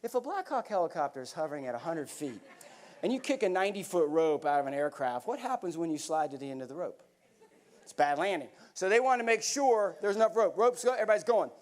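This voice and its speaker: A middle-aged American man giving a speech, telling a vivid, animated story from the stage to a live audience. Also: on the high side, fast talker. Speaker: keynote speaker.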